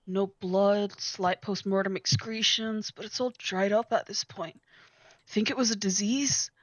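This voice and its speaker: A woman voicing a calm female squad leader giving matter-of-fact orders. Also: medium pitch, measured pace, dry recording, close to an everyday voice, rough recording. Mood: businesslike.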